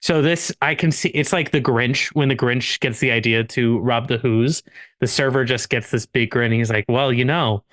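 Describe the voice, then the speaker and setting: Co-hosting a podcast, a man spins a long, casual anecdote among friends, restarting often and breaking into laughter. His voice is medium-pitched and fairly bright, with fairly even intonation and a moderate pace.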